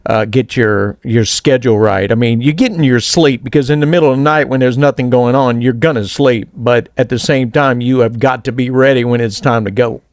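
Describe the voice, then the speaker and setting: A man's voice: mid-range voice, brisk, hardly any pauses, no room sound. A man co-hosting a casual podcast, rambling and often restarting his sentences. The mid-range voice sounds close and dry. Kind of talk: casual interview chat.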